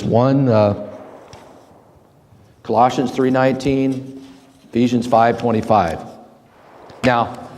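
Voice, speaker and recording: Man, middle-aged, slow deliberate pace, earnest, self-questioning testimony, long hall reverb. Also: medium pitch, a little mellow. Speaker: men's group speaker. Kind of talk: reflective personal testimony talk.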